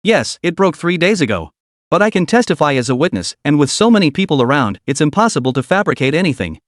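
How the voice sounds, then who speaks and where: A man voicing a smooth middle-aged boss who speaks calmly and authoritatively in a comic recap. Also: a little high, fast, dry recording, studio quality. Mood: commanding. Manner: calm, steering, authoritative.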